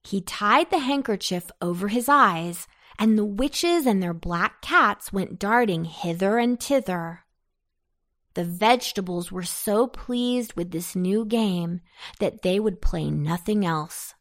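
A woman reading a children's story aloud in a gentle, unhurried way. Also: medium pitch, expressive.

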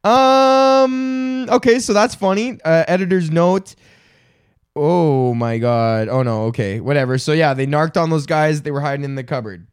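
A man's voice: fairly high pitch, clean tone, dry recording, studio quality. A young man hosting a comedy podcast, ranting casually with lots of swearing and laughter. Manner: profane, laughing, jumps into silly mock British voices. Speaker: podcast host.

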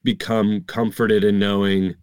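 A man in his thirties, a stand-up comedian, chats casually about his comedy bits in a lowish, clean voice with no room sound. He's animated, acting out his jokes and tossing in quick asides.

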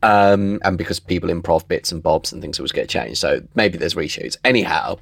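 A man with a very low, deep voice talks casually on a podcast, rambling and restarting his sentences with plenty of fillers. The sound is close and dry, with no room around it. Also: a little fast, vocal fry, a bit bright, husky, dry recording. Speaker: podcast co-host, freelance writer. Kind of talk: casual chat.

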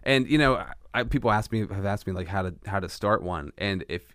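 A man hosting a casual podcast conversation, talking in an animated way with frequent restarts and the odd laugh. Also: lowish voice, brisk, no room sound, clean studio sound. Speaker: podcast host.

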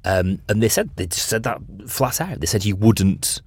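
A man in his thirties hosting a podcast, with a softened Bolton accent. His voice sits low and husky, and he talks in a reflective, halting way. The sound is dry and close. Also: very animated, dry recording. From Bolton, Greater Manchester. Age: 30s. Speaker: podcast host and radio presenter. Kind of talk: casual chat.

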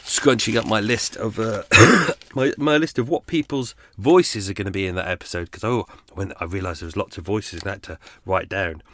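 Hoarse man chatting, unwell. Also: lowish voice, normal speed, pushed and bright, a little hiss or hum. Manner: rambling, self-deprecating, frequent fillers and restarts. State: unwell with a sore throat and cold. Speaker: podcast host. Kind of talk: unscripted casual chat.

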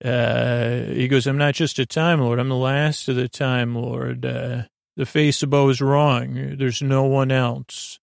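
A man hosting a podcast, casually recapping an episode for bedtime, rambling and halting with many fillers. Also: mid-range voice, fairly even intonation, vocal fry, no room sound, clean studio sound. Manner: acts out quoted lines in a near-plain voice. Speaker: podcast host.

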